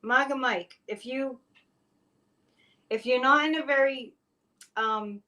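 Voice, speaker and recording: A woman's voice: high-pitched, takes it slowly, sharp tone. A woman hosting a live stream, giving casual political commentary in a chatty, exclamatory way with sarcastic asides. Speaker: psychic live-stream host.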